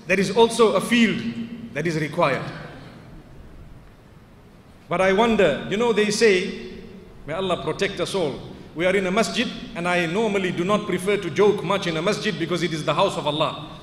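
Man preaching in a mosque, really high voice, storytelling with questions thrown at the crowd, long hall reverb. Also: fairly bright tone. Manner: rises to emphatic outbursts. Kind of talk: lecture in a mosque.

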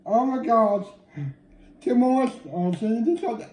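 A young man co-hosting a casual unboxing video, talking haltingly, often restarting and repeating his phrases. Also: very high voice, fairly even intonation, darkish tone. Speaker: co-host of an unboxing channel. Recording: echoey room.

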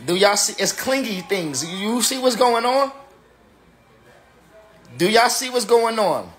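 A man's voice: high-pitched, lively intonation, slow, a bit bright. A tipsy man, a battle rapper, ranting on a livestream in an emphatic, repetitive, slangy way. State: tipsy from drinking. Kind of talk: casual livestream rant.

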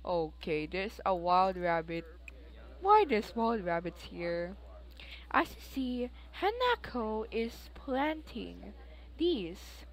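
A woman's voice: medium pitch, very animated, takes it slowly, low-quality recording. A woman giving chatty, rambling commentary while playing a life-simulation game, with frequent exclamations. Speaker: let's play host. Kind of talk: casual gameplay commentary.

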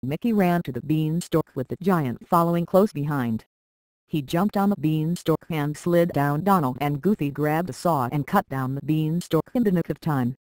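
Steady storybook narrator, dry close sound. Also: mid-range voice, normal speed, no room sound, low-quality recording. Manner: steady, even read-aloud delivery.

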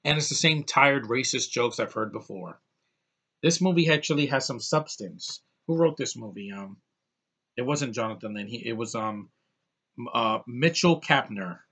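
A man talking straight to camera in a casual movie review vlog, excitable and gushing, rambling with stops and restarts. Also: medium pitch, moderate pace, slightly rough.

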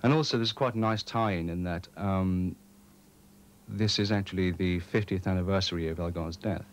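A man's voice: sits low, moderate pace. A young man organising a student music society, talking earnestly through plans with frequent hesitations. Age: young adult. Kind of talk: committee discussion and radio interview.

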